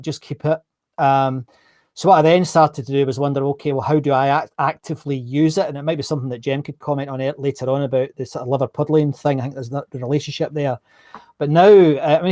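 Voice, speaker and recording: A man's voice: a little high, darkish tone, dry recording, clean studio sound. Chatty Scottish man hosting. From Scotland. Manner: chatty, self-correcting, reads out viewer comments. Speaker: host. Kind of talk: live-streamed interview chat.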